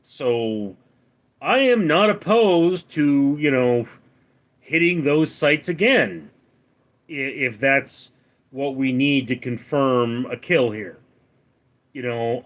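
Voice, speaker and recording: A young man from Los Angeles hosting a live stream, casually reading viewer comments aloud and answering them in a relaxed, rambling way. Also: medium pitch. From Los Angeles, California. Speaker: livestream host.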